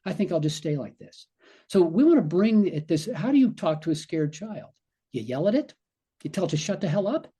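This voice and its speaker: Man, physician guest, podcast explanation, mellow tone, husky edge. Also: high-pitched, sing-song, fairly quick. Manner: acts out the brain's inner voice in quoted asides. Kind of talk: explaining in conversation.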